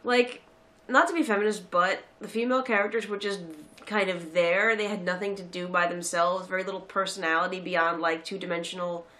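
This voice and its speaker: A woman in her thirties chatting casually about a film, sarcastic and animated, often putting on mocking voices. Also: on the low side, fairly quick. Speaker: film reviewer. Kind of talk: casual chat.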